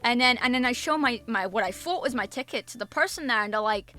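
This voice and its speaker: A woman streamer telling a story in a casual chat, animated and emphatic, swearing freely and repeating herself. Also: a little high, fast, hardly any pauses, soft background music. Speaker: VTuber streamer.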